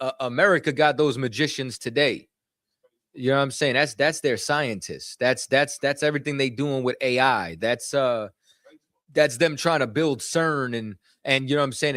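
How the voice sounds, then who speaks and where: A man's voice: medium pitch, a bit bright, dry recording, clean studio sound. A man leading a scripture study, speaking in casual street slang and often asking "you know what I'm saying". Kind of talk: casual teaching.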